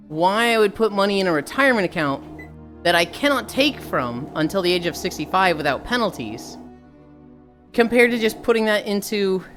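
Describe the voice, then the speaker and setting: A woman's voice: medium pitch, a bit bright. A young adult woman streamer ranting casually and profanely to her live chat.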